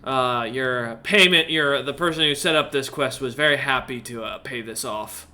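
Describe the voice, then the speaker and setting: A man voicing a hungover male guild master who is groggy and gruff and swears casually. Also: medium pitch, moderate pace, sharp tone.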